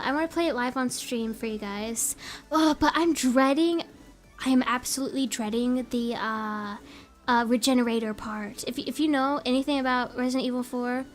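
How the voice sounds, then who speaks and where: A young woman chatting on a live stream in a bubbly, giggly, rambling way. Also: sits high. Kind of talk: casual live-stream chat.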